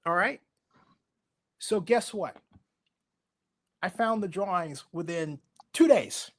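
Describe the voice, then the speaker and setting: A middle-aged man telling stories as an interview guest, animated and acting out the voices of people he quotes. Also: sits high, takes it slowly. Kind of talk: storytelling interview.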